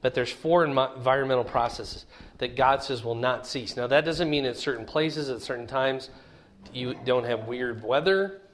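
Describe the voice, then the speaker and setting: A man's voice: mid-range voice, slight background noise. A middle-aged man teaching a conversational Bible lesson in a folksy way, often checking in with his listeners. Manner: folksy, asks the listeners questions.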